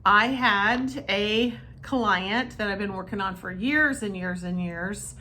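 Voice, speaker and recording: Chatty woman with a bright voice. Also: mid-range voice, slow pace, slight background noise. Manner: chatty, animated, talks straight to viewers. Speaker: massage therapist. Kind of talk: casual storytelling to camera. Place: her treatment room.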